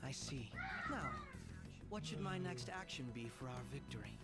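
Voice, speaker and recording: Smooth polite young detective, quietly scheming, loud game music behind. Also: male voice, mid-range voice, very animated, moderate pace. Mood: calm scheming. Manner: smooth, courteous, calculating.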